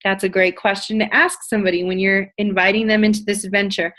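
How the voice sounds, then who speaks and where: A woman's voice: mid-range voice, little pitch movement, fast talker, a bit bright. A young woman giving a motivational sales training talk, bubbly and enthusiastic, often acting out both sides of a conversation. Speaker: network marketing trainer.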